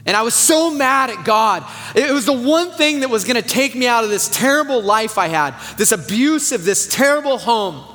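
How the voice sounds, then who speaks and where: A man preaching a sermon, telling a story in an animated, conversational way with frequent stammering restarts. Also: very high-pitched, normal speed, few pauses. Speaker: pastor. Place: church sanctuary. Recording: long hall reverb, faint music.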